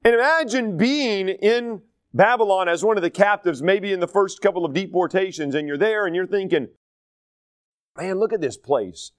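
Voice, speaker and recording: A man's voice: sits high, moderate pace, clear, resonant tone, no room sound. A man from North Carolina, teaching a Bible study in a conversational, digressive style full of stories. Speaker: pastor.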